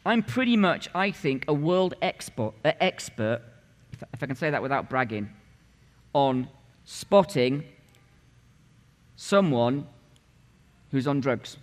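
A man in his late forties delivers a sermon in a punchy, conversational way, throwing rhetorical questions at his listeners. His voice sits at an ordinary middle pitch. A long church reverb trails after his words. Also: expressive, slow, pauses often. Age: 40s. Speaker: pastor. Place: church sanctuary.

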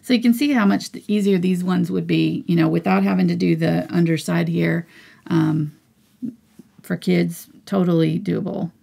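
Soft, breathy woman teaching painting. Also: on the low side, steady tone, normal speed. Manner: mumbling to herself. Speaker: painting instructor. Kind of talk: live painting tutorial.

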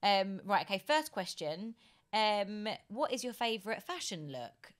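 Woman co-host, mid-pitch, chatty, laughs at herself. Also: sing-song, measured pace. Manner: chatty, self-deprecating. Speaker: podcast co-host. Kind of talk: casual chat and ad read.

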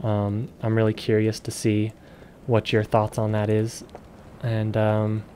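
A man's voice: fairly low pitch, completely flat delivery, slow pace, faint music behind. A young man streaming a game, rambling casually and swearing while he plays. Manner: swearing, rambling, gets loud and exasperated. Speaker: gaming streamer.

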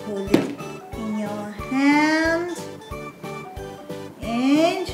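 A woman's voice: sits high, lively intonation, drawn-out words, full character voice. Boy hero toy, woman-voiced: helpful, instructive, roomy room sound. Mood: explaining. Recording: roomy with background music.

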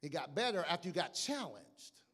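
Brief: male pastor, high voice, fiery sermon delivery, echoing church hall. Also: big pitch swings, a little fast. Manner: passionate preaching, rising to shouts, calls congregation to repeat. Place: church sanctuary.

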